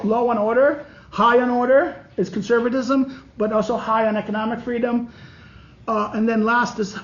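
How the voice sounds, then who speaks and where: Man, high voice, professor, classroom lecture, halting restarts, dull lo-fi recording. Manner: halting, many restarts and fillers, walks through diagrams. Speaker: political science professor.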